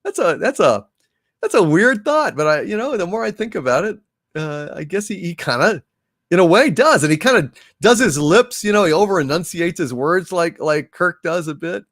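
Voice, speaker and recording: A man chats his way through viewer messages on a live stream, his pitch sitting a little high and swinging widely. He talks in fits and starts, full of fillers, then breaks into theatrical bits of verse and song. The sound is dry and close. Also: sing-song, fairly bright tone, dry recording. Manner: theatrical, drifts into recited verse, song and impressions; halting, with many fillers and restarts. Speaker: livestream host. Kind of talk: casual live-stream chat reading super chats.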